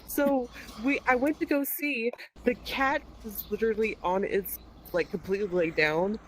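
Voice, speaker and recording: A woman guest on a podcast, telling a story in a casual, profane, animated way and quoting dialogue. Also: a little high, moderate pace, a little hiss or hum, poor audio.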